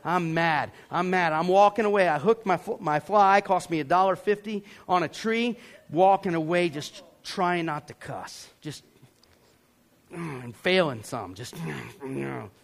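Animated man preaching. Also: high voice, normal speed. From Georgia, US. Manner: animated, acts out voices and yells for effect. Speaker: pastor. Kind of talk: sermon storytelling.

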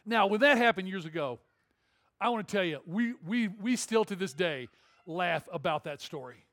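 A man's voice: high-pitched, animated, normal speed, fairly bright tone. A man preaching a sermon, telling a humorous story and then building to emphatic, rising appeals. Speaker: pastor.

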